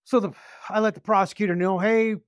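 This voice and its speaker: A man's voice: high voice, normal speed, no echo, studio quality. A man detective telling a story casually, rambling, restarting often and swearing freely. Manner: rambling, with frequent restarts and profanity.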